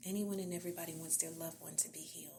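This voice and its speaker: Half-whispering woman with a gravelly voice. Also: low-pitched, steady tone, rapid-fire, slight background noise. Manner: soft, half-whispered, earnest and exhorting. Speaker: podcast host. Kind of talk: encouraging devotional talk.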